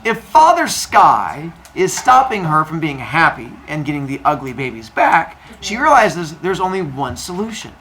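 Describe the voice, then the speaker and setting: A woman's voice: deep voice, big pitch swings, moderate pace, few pauses, fairly bright tone. A woman telling a myth as a comic story to a live audience, casual and chatty with jokey asides. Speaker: storyteller speaker. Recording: live room with audience noise.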